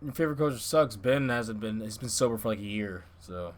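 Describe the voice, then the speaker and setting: A man co-hosting a casual podcast, blunt and quick to swear, laughing at his own jokes. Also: fairly low pitch, animated. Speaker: podcast co-host.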